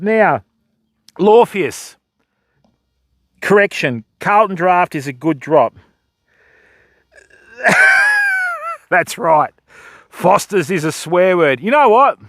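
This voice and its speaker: A Western Australian man with a high voice hosts a fishing livestream outdoors on a river shore, bantering and joking with his chat. The recording is dry.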